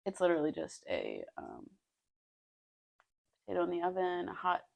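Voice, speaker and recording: A woman's voice: on the low side, normal speed, vocal fry. Casual young woman podcaster. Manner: animated, profane, breaks into mock British voices. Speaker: podcast co-host. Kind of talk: casual chat.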